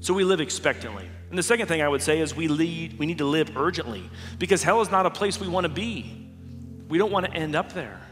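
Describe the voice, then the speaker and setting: A man preaching a sermon as pastor, earnest and measured, slowing down with emphatic pauses. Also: a little high, lively intonation, fairly bright tone. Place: large church sanctuary. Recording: long hall reverb with music underneath.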